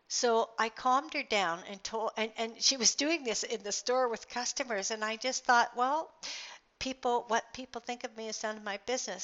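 Middle-aged woman, earnest and rambling, bright tone, dull lo-fi sound; casual personal monologue. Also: medium pitch. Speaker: speaker sharing personal reflections. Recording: dull lo-fi recording.

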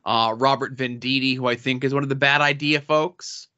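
A man's voice: medium pitch, steady tone, normal speed, sharp tone, muffled recording. A man co-hosting a casual podcast, reading off convention guest lists with dry asides. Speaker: podcast co-host.

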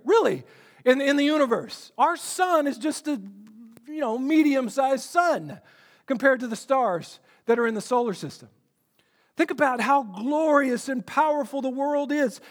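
A male pastor preaching a sermon, earnest and emphatic, often repeating words as he builds a point. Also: extremely high pitch.

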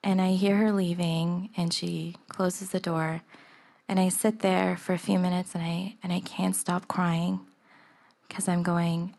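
A woman's voice: fairly low pitch, gravelly. A young woman telling a personal story in the first person, earnest and emotional, laughing at times. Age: young adult.

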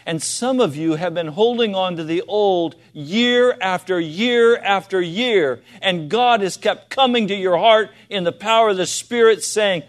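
A man preaching a sermon, asking his listeners direct questions and moving between soft, quiet asides and loud, emphatic appeals. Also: high-pitched.

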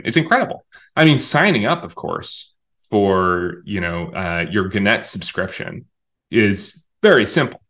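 Talkative man with a lowish voice. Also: fairly bright tone. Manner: talkative, restarts often, emphatic on opinions. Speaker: interview guest, communications director. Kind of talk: conversational interview.

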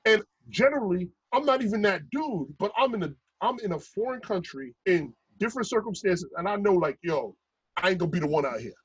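A man's voice: high-pitched, a little fast, slightly rough, dry recording, lo-fi sound. A man, talking casually and swearing freely as he tells stories. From Brooklyn, New York. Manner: profane, animated storyteller. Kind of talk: casual chat.

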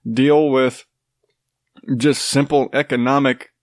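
A man's voice: medium pitch, level tone, takes it slowly, dry recording, studio quality. A man with a congested, stuffy nose, rambling sarcastically in a casual, profane chat. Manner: rambling, sarcastic, swears freely.

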